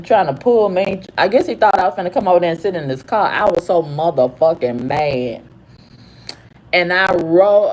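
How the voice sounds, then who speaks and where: A woman vlogger in her fifties tells a heated storytime in an angry, profane rant. She repeats herself over and over, her voice lurching from low growls up to high cries.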